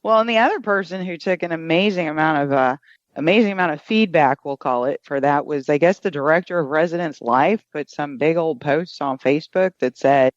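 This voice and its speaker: A man's voice: fairly high pitch, brisk, no echo, dull audio. A man co-hosting a talk radio show, speaking in an earnest, conversational way. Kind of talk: casual political talk radio banter.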